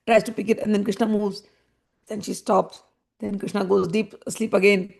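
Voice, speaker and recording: A woman telling a devotional story in an animated, conversational way with frequent asides. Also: mid-range voice, a little fast, creaky. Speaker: spiritual storyteller.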